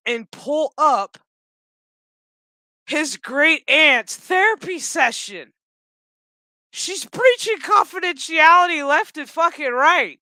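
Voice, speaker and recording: A woman in her thirties rants her way through a TV episode recap, swearing constantly and animatedly. Her voice is forceful and the sound is close and dry. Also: high-pitched, slow pace, pauses often, no room sound. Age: 30s. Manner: ranting, heavy swearing, animated. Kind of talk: casual profane episode recap.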